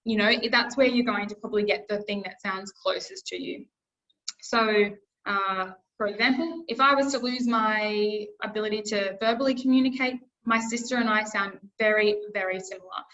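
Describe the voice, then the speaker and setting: A woman's voice: mid-range voice, steady tone, moderate pace, sharp tone. Earnest Australian woman presenting over a video call. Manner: earnest, repeats herself for emphasis. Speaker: speech pathologist presenter. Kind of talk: online presentation. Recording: muffled video-call audio.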